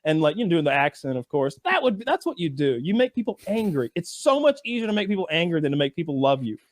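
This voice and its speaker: A man co-hosting a podcast in casual banter, rambling and profane, with animated storytelling full of restarts. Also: fairly high pitch, quick pace, no echo, clean studio sound. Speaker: podcast co-host.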